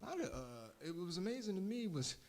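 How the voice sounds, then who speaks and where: A man's voice: sits high, sing-song, quick pace. A man with a Philadelphia-area accent, hosting a radio show in a rambling, chatty way, often correcting himself mid-sentence. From southeastern Pennsylvania. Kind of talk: casual talk radio chat.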